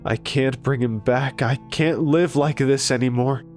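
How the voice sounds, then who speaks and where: A man's voice: medium pitch, fairly even intonation, a little slow, darkish tone, faint music behind, pitched above the performer's own voice, natural voice. A man voicing a grieving mother asparagus from a cartoon, pleading and despairing.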